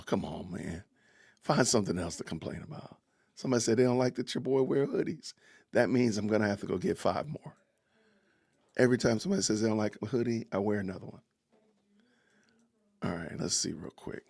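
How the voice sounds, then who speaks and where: A man's voice: lowish voice, darkish tone, dry recording, clean studio sound. A middle-aged man, hosting a casual podcast livestream from home, chatty and laughing often as he talks to his viewers. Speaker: podcast host. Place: home, family heard in the kitchen.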